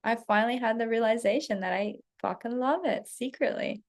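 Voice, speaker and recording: Candid, swearing woman coach with gravelly fry. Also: on the high side, fairly quick. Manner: candid, heavy swearing, animated self-talk. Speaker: self-development coach. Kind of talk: casual spoken storytelling to followers.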